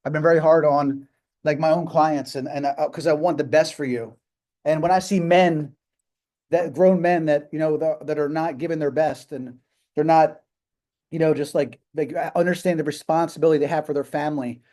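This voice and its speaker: A man in his fifties hosts a live video call and talks off the cuff, emphatic and rambling, full of restarts and fillers. His voice sits a little high but sounds dark and mellow. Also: steady tone, moderate pace. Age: 50s. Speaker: host of a live business call. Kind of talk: casual motivational talk.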